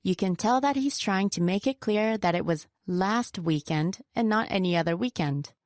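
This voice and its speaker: A woman teaches word stress in a scripted lesson, with a middle-pitched voice. She says example words slowly and deliberately. The recording is dry and close, with no room echo. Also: animated. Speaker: pronunciation teacher.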